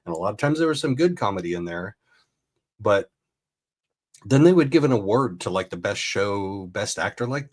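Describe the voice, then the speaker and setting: A man giving chatty, incredulous commentary as he reacts to a video. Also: on the low side. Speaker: host.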